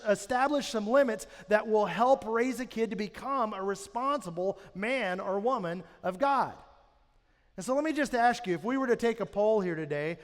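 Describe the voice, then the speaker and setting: Brief: thirties male pastor, high tenor voice, joking parenting sermon, church hall reverb. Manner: storytelling, self-mocking humor. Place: church auditorium.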